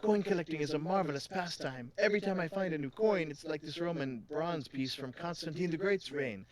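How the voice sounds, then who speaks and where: A man's voice: a little high, brisk, a crowd in the background, voice pushed up, close to an everyday voice. A man voicing a chatty female coin shop owner in a video game, with a shaky put-on foreign accent.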